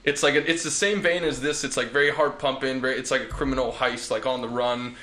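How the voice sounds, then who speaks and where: A man co-hosting a casual movie podcast, excitable and quick to swear. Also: mid-range voice. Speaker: podcast co-host. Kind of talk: casual film chat.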